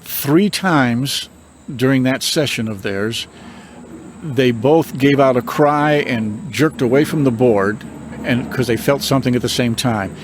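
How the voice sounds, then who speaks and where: An older man tells his ghost stories in a calm, measured way. He takes his time and lets dramatic pauses hang between the beats. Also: medium pitch, a little hiss or hum. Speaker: paranormal investigator and reverend. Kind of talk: storytelling.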